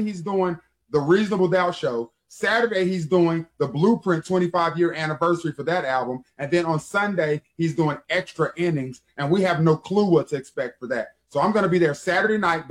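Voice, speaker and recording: A man co-hosting a casual podcast, excitable and quick to quote rap lyrics. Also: fairly high pitch. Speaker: co-host.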